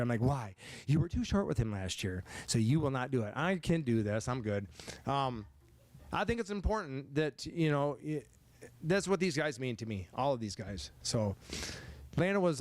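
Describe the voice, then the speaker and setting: A middle-aged man from Michigan giving an emotional, halting banquet speech as head football coach. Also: on the high side, smooth, dry recording. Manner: emotional, halting, many restarts.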